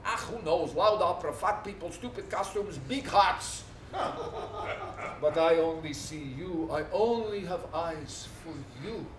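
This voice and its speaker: Flirty, grandiose Russian prince, high and animated, broken English, heard from far back in a roomy theater. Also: male voice, slow, slight background noise, full character voice. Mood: flirting. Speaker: stage actor. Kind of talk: live stage play acting. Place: theater stage. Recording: roomy stage sound from a distant mic.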